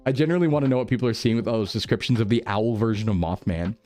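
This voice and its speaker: A young American man chatting casually with his stream viewers, excitable and loose, full of "like" and "bro". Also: lowish voice, very fast, faint music behind. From United States. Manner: animated, excitable, lots of "like" and "bro".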